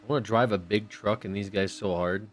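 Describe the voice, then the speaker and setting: A man's voice: lowish voice, steady tone, brisk, slight background noise. A man streaming live, chatting casually and rambling with profane jokes to his chat.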